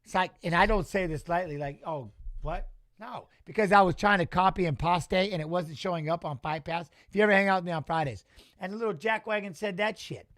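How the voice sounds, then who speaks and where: A middle-aged man doing live-stream watch-along commentary on a fight, excitable and rambling, talking back to his chat. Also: high voice, brisk, no room sound, clean studio sound.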